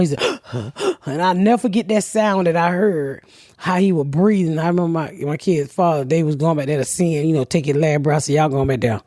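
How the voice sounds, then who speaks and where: A woman's voice: deep voice, dark tone, no echo. Woman in her fifties, brash profane storytelling, laughs often, dry close sound. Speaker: podcast host. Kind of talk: casual storytelling chat.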